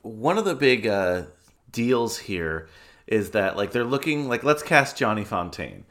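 A man's voice: fairly low pitch, sing-song, measured pace, a bit bright. A man co-hosting a podcast, talking casually and enthusiastically while recounting scenes. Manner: enthusiastic, talkative storyteller. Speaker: podcast co-host. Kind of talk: casual chat.

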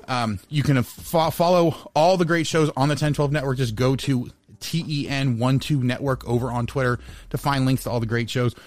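A man's voice: medium pitch, fairly even intonation, normal speed, no echo. A man hosting a podcast, signing off with casual, upbeat promos and a few stumbles. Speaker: podcast host. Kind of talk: show sign-off and promo read.

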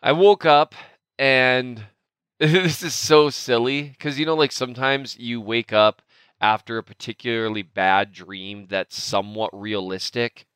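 A man in his thirties hosting a casual sports talk show, animated and exasperated, rambling with jokes. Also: mid-range voice, a little slow, smooth, dry recording. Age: 30s. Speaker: sports podcast host.

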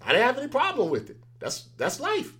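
A man's voice: very high-pitched, wildly swooping pitch, fairly quick, fairly bright tone. A man as an interview guest, chatting casually and telling stories animatedly, acting out the exchanges he quotes.

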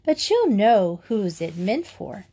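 A woman's voice: mid-range voice, very animated, slow pace, dark tone, slightly rough, exaggerated voice. A woman voicing an eager, confident schoolgirl.

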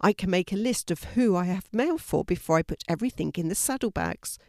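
A woman's voice: fairly low pitch, lively intonation, brisk, warm tone, dry recording, studio quality. A woman voicing a cheerful, helpful young girl who rides a horse in a storybook reading.

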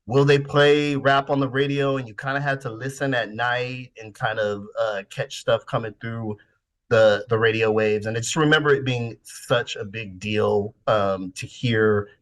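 A man's voice: medium pitch, measured pace. A man in his forties from the Bay Area talks in a loose, reminiscing way, dropping the odd swear word. His voice sits in an ordinary middle range. It is an easygoing podcast conversation. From San Francisco Bay Area. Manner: relaxed, reminiscing, swears casually. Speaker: podcast host. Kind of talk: casual chat.

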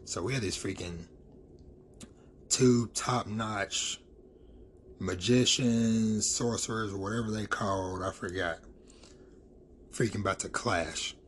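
Slow, low-voiced man recapping manga. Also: a little hiss or hum. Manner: loose and rambling, filler-heavy, says "freaking" a lot. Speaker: manga chapter reviewer. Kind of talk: casual chapter recap.

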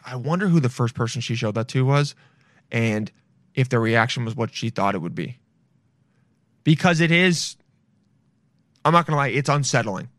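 A man's voice: mid-range voice, fairly bright tone, no room sound, clean studio sound. A young adult man hosting a podcast, rambling through blunt, crude, jokey commentary in a casual chat. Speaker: podcast host.

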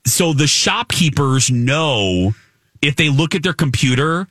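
A man telling an animated story on a talk show, excitable and acting out the voices of the people in it. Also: a little high, a little slow, no room sound, clean studio sound. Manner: excitable, acts out voices in his stories.

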